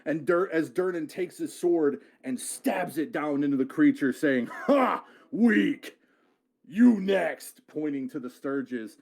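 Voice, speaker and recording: A man's voice: a little high, fairly even intonation, normal speed, few pauses, darkish tone, slight background noise. A man narrating a tabletop game as game master, casual, often swearing and correcting himself mid-sentence.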